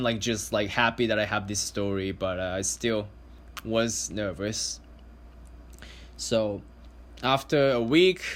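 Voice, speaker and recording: A man's voice: medium pitch, bright, forceful tone. A man hosting a podcast, telling a crude personal story in a casual, profane and exasperated way. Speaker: podcast host.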